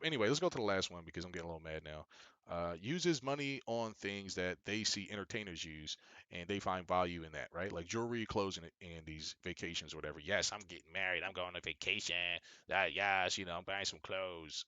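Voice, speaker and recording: A man's voice: low voice, fairly bright tone, no room sound. A young adult man giving an emphatic, preachy monologue, often repeating himself. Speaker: business coach. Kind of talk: casual monologue commentary.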